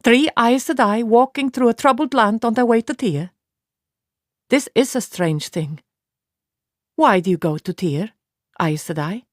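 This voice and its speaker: A woman's voice: on the high side, dry recording, clean studio sound, voice pushed up, lightly acted. A woman reading an audiobook, voicing a blunt, matter-of-fact young warrior woman in a raised voice. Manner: plain, measured, matter-of-fact.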